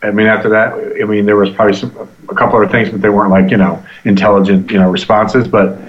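A man hosting a paranormal radio show live from a hotel, chatting casually and telling stories with quick laughs. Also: lowish voice, highs cut off. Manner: animated storytelling, quick laughs.

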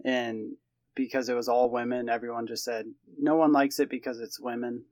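A young man hosts a loose podcast hangout among friends. His voice sits at an ordinary middle pitch. He jokes around and laughs easily. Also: little pitch movement, moderate pace, darkish tone, no room sound. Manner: laughs a lot, jokey. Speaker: podcast host. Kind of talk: casual chat.

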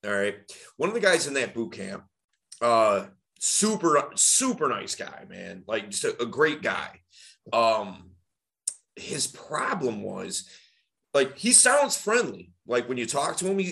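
An energetic man in a casual podcast chat, talking with a practiced, emphatic public-speaking tone. His pitch leaps and dips all the time, and his voice sounds bright. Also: gravelly. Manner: energetic, emphatic delivery with big swings in pitch; animated public-speaking tonality. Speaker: dating coach.

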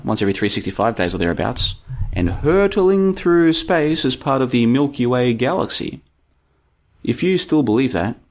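A man hosting a live-stream podcast, talking casually and reading chat, with an animated, rhetorical way of speaking. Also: mid-range voice. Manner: chatty, animated, rhetorical questions.

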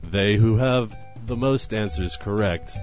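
Deep-ish guy hosting a chatty podcast, slow dry teasing, laughs a lot. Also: darkish tone, soft background music. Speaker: podcast host. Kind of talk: casual podcast banter.

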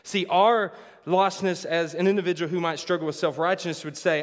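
Pastor type, man with a slightly high voice, dynamic loud-to-soft delivery, sermon in a church with long reverb. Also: fairly even intonation, fairly quick. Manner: dynamic preaching, swinging from loud to hushed.

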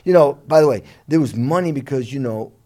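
Middle-aged guy telling band stories, lively, swears a bit, mid pitch. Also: brisk. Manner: animated, profane, laughing storyteller. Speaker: guest musician. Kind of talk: storytelling interview.

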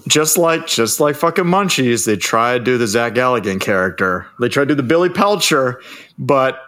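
A man's voice: medium pitch, expressive, normal speed, a bit bright. A man in casual movie chat, chiming in with blunt, sarcastic asides. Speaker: podcast co-host.

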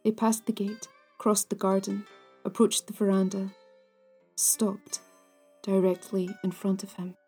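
A woman narrating old ghost stories in a hushed, measured way, at times near a whisper. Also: mid-range voice, flat delivery, breathy edge, faint music behind. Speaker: storyteller, podcast host.

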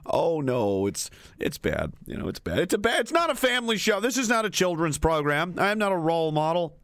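Lively, profane man hosting a livestream. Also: a little high, brisk, dry recording, studio quality. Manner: laughs often, reads chat comments aloud, swears freely. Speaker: livestream show host. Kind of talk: profane, rambling livestream rant.

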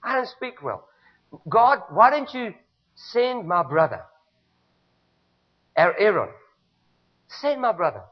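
Man doing a nervous, pleading elder who makes excuses, high voice, lo-fi sound. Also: very animated, takes it slowly, long pauses, slightly rough, heavily acted. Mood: hesitant. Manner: pleading, anxious. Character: reluctant, self-doubting older man pleading with God. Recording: dull lo-fi recording.

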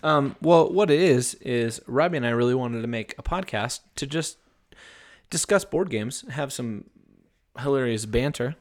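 A man's voice: mid-range voice, expressive, moderate pace. A young man co-hosting a casual board game podcast, laid-back and joking, swearing now and then. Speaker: podcast co-host.

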